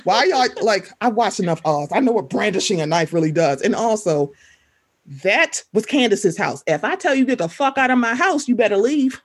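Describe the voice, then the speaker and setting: A woman's voice: mid-range voice, breathy edge. A woman in casual chat, telling stories animatedly and acting out what people said. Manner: animated, fast storytelling, quoting people in voices.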